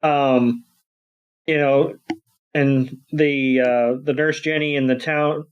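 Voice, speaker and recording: A man's voice: mid-range voice, takes it slowly, clean tone, dull audio. Rambling man recapping an episode. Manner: rambling, many fillers and restarts, animated retelling. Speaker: podcast co-host.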